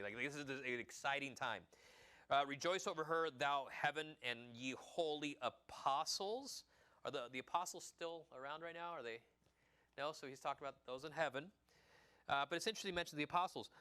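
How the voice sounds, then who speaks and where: A man's voice: medium pitch, brisk, pushed and bright, smooth. A man preaching a midweek sermon in a loose, conversational way, often restarting his sentences. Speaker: pastor.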